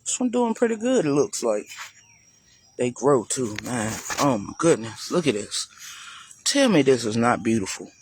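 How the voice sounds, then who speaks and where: A man's voice: mid-range voice, sing-song, moderate pace, a little hiss or hum. A man giving a casual, chatty walk-through of his garden for viewers, talking loosely and calling them y'all. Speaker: gardening vlogger. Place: outdoor garden.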